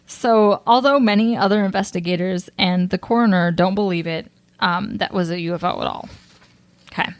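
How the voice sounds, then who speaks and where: A woman's voice: mid-range voice, moderate pace, no room sound. A young woman co-hosting a casual true-crime podcast, reading from her notes and laughing often, a little tipsy on whiskey. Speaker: podcast co-host presenting the case.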